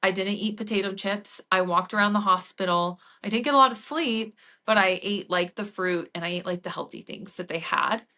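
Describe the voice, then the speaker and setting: A woman who coaches fitness and hosts a podcast talks fairly fast in a mid-range voice, barely pausing. Her casual storytelling is animated, full of "like" and quotes she acts out.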